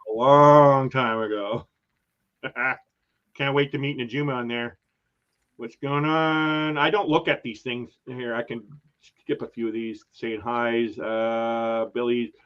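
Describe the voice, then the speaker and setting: A man's voice: medium pitch, steady tone, slow, a bit bright, clear, resonant tone, muffled recording. A man hosting a casual travel livestream, chatting and reading viewer comments aloud with frequent laughs. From Canada. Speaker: travel channel host.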